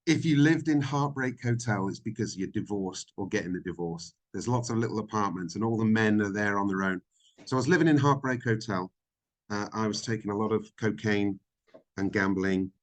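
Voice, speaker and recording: A middle-aged man talks openly as an interview guest. His voice sits a little low, and he speaks reflectively, often pausing with ums and restarting his sentences. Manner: reflective, frank, halting with frequent ums. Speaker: podcast guest. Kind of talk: candid interview conversation.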